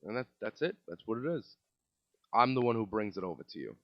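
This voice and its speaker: Animated, foul-mouthed man ranting. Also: fairly low pitch, fairly quick, no echo. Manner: animated, profane, exasperated. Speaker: podcast host and waiter. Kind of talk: comedic storytelling rant. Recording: dull lo-fi, dry.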